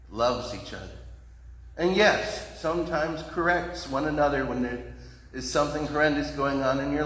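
A man's voice: mid-range voice, fairly bright tone. A man preaching a sermon as a pastor, telling a story in a folksy, conversational way with asides. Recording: echoey hall reverb.

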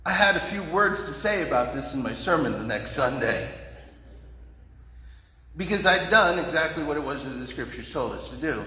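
A male pastor preaching in a folksy, conversational storytelling style. His voice sits a little high for a man. The sound carries the long ringing reverb of a large hall. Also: animated, normal speed, bright, forceful tone, a little hiss or hum. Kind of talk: storytelling sermon.

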